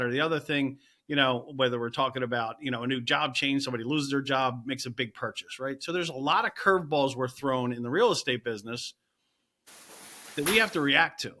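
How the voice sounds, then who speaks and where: A middle-aged man working as a real estate agent, a podcast guest talking in energetic bursts full of "you know" and "right?". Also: medium pitch. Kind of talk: casual interview chat.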